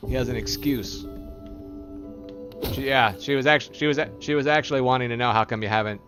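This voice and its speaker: A man's voice: mid-range voice, fairly quick, over music. A man streaming a game live, playfully teasing his companion and relaying her replies aloud, laughing often.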